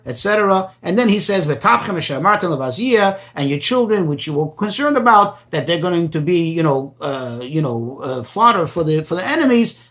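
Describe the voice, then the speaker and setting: A man teaching a Torah text as a rabbi, explaining slowly and translating Hebrew phrases into as he goes. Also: high voice, fairly bright tone. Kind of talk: Torah study tutorial.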